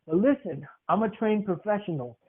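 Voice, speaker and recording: A man's voice: high voice, animated, moderate pace, slightly rough. A man voicing a tough older grandmother who hosts a wildlife show, speaking in a folksy, instructional way. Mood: instructive. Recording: tinny phone-like sound.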